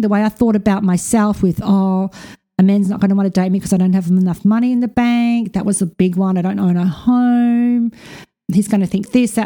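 A woman, a podcast host and spiritual coach, talking casually and bluntly with frequent swearing. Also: medium pitch. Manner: blunt, swears freely, animated asides.

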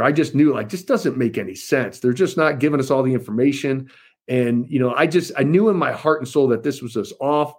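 A man's voice: medium pitch, slightly rough. A man giving an impassioned political speech to supporters, rousing and repeatedly calling them folks. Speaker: political speaker.

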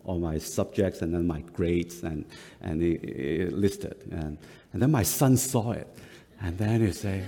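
A middle-aged man from Singapore preaching a sermon as pastor, speaking haltingly with frequent fillers and self-corrections. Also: low-pitched, mellow. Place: church hall. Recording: long reverb of a large hall.

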